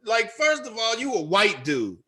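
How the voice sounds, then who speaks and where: A man with a Chicago accent telling a story on a podcast, animated and profane, acting out what people said. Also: high-pitched, a little slow. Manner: animated, profane, acts out quoted lines. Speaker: podcast co-host. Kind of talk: casual storytelling chat.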